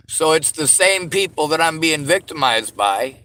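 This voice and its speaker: Brief: frustrated male vlogger, ranting, slightly high voice. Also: expressive, normal speed, hardly any pauses, bright, forceful tone, rough recording. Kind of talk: venting commentary.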